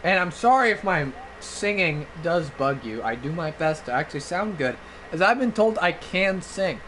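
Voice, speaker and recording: A drunk young gaming streamer chats loosely over casual gameplay, rambling loudly and breaking into song now and then. His voice is fairly high and very animated at a normal speed, with a little hiss or hum in the background.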